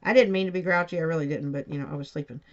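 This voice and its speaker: A woman's voice: low-pitched, racing. A woman chatting casually while she crafts, telling a story at a rambling pace and correcting herself along the way. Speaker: crafting vlogger. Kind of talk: casual chat while diamond painting. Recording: dull lo-fi home recording.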